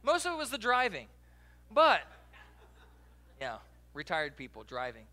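Preaching at church in a high voice, this pastor takes an unhurried pace while keeping things lively and conversational, joking with the congregation and talking straight to them.

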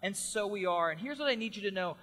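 A man's voice: high-pitched, lively intonation, quick pace, bright, forceful tone, long reverb tail. A middle-aged man delivering a sermon as pastor, earnest and emphatic, with repeated phrases.

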